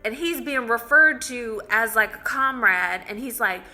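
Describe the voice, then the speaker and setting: Woman reviewer, very bright and sharp tone, slow relaxed chatty recap, faint music underneath. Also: on the high side. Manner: chatty storytelling with many "like"s. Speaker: movie reviewer. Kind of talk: casual spoken film recap.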